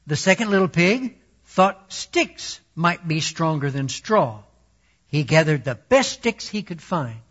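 Male storyteller, slightly high voice, very slow and deliberate read-aloud; dull lo-fi recording. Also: very animated, a bit bright. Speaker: storyteller and Bible teacher. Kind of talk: reading a children's story aloud.

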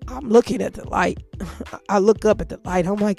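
A woman's voice: medium pitch, normal speed, creaky, darkish tone, soft background music. A woman telling a story in casual, profanity-heavy speech.

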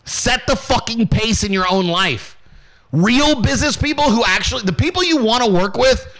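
Very high-pitched with lively intonation, this man talks at a moderate pace in a fairly bright tone, though the audio is poor. As host of his own podcast, he rants brashly and motivationally, cursing nonstop and mimicking the people he quotes.

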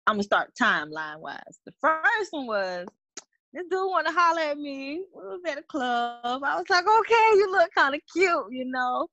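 High bright animated woman storyteller. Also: moderate pace, no echo, highs cut off. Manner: animated storyteller, laughs often. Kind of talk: casual chat among friends.

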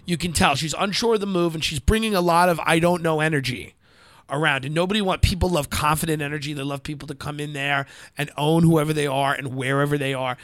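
A man's voice: a little high, steady tone, quick pace, a bit bright, no echo. A man co-hosting a podcast in casual banter, blunt, brash and profane, giving unfiltered advice. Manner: puts on mocking voices. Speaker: podcast co-host.

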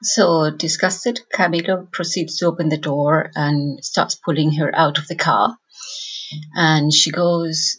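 Female Spanish teacher; husky, lower voice, calm explanatory lesson read. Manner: clear explanatory, repeats phrases slowly. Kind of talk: scripted language lesson narration.

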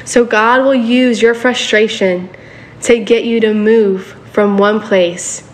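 A woman's voice: on the high side, steady tone, slow pace. A woman preaching a sermon in a casual, conversational way, often checking in with her listeners for agreement.

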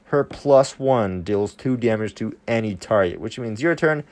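Excitable man reviewing cards, lower voice. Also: a little slow. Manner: excitable, flares louder at strong cards, stumbles over words. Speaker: trading card game reviewer. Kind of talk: casual card review monologue.

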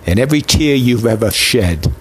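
A man's voice: mid-range voice, animated, moderate pace, a little hiss or hum. A man preaching a sermon with an impassioned, emotional delivery built on rhythmic repetition. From Italian heritage.

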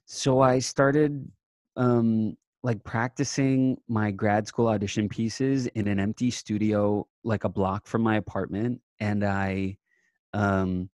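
A low-pitched young man tells stories in a casual remote interview, jumping into sudden high, loud bursts as he quotes himself. The recording is dry and close, with no room sound around his voice. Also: takes it slowly, no echo. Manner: animated storyteller, quotes himself in lively bursts. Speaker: podcast guest, actor. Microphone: remote call mic.

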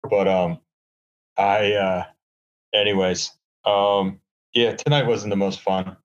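A man's voice: on the low side, flat delivery, takes it slowly, highs cut off. A man on a podcast, chatting casually and sarcastically with lots of fillers, from a hotel room. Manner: rambling, sarcastic, many fillers. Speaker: podcast co-host. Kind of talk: casual chat.

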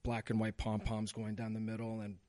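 A man's voice: fairly low pitch, completely flat delivery, a little fast, warm tone, dry recording. A young man in casual chat, telling a long anecdote with many restarts and fillers.

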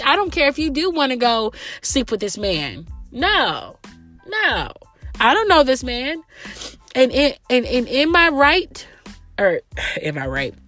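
A woman's voice: high voice, bright, forceful tone. A young adult woman, a rideshare driver with a cold-stuffed nose, ranting and lecturing her viewers in a profane, emphatic way. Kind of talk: casual ranting vlog.

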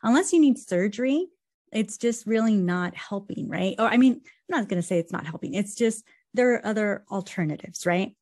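A woman parent interviewing a guest in a casual chat, lively and talkative, playing out her own family scenes. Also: mid-range voice, moderate pace, dry recording, studio quality. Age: adult parent. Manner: chatty, animated, acts out her kids and herself.

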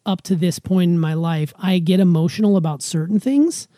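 A woman's voice: on the low side, moderate pace, warm tone, no echo, studio quality. A young woman hosting a podcast, chatting casually and teasingly with her younger sister. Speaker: podcast host. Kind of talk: casual chat.

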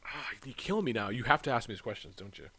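A man in casual chat about movies, relaxed and hesitant, often trailing off. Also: medium pitch, very fast.

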